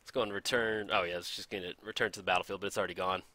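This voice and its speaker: A man giving casual commentary over a card game as he plays, excitable and chatty, laughing often and poking fun at his own mistakes. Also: sits low, racing, dry recording. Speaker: gameplay commentator.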